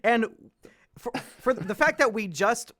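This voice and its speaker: A male podcast host with a high, bright voice tells the story in an animated way. He swears freely and laughs often, keeping the chat casual. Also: measured pace.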